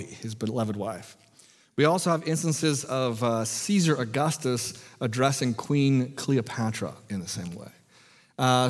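A man's voice: medium pitch, big-room sound. An American man preaching a sermon as pastor, conversational and jokey, often restarting his phrases.

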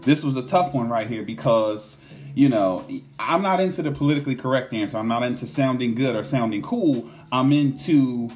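A man's voice: mid-range voice, normal speed, darkish tone, faint music behind. A man giving an earnest motivational self-help talk, often repeating words and tagging his points with "right?". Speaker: motivational speaker.

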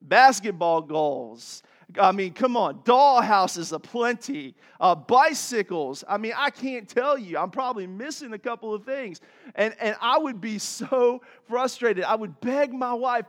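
A middle-aged man preaching a sermon as pastor, telling stories with animated swings from soft to loud. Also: sits high, unhurried.

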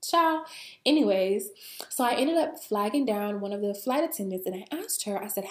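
A woman hosting a podcast, telling a story in a casual, animated way, full of slang, swearing and laughter, then giving spiritual advice. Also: medium pitch, moderate pace. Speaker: podcast host and spiritual coach. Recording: roomy echo.

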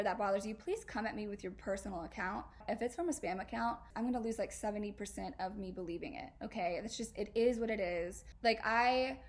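A young woman hosts a podcast in a mid-range voice, confiding casually and slangily. She laughs a lot and breaks into emphatic exclamations.

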